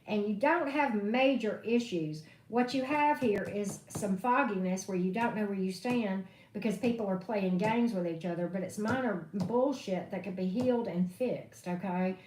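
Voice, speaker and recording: A woman's voice: mid-range voice, normal speed, few pauses, a little mellow. A woman reading tarot on a live stream, venting in a blunt, profane way. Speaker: tarot reader. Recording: echoey room, distant mic, faint noise.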